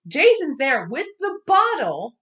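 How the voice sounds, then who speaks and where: A woman's voice: high voice, huge pitch swings, a little slow, a bit bright. A woman co-hosting a casual movie review podcast, recapping the plot in a chatty way with lots of fillers. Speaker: podcast co-host.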